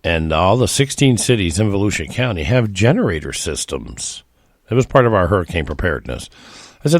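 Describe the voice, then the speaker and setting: A middle-aged man from the United States rambles through a folksy story as a talk host, restarting sentences as he goes. His voice sits very low, and the recording is dry and close. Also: very animated, brisk, no room sound. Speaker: podcast host. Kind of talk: casual storytelling monologue.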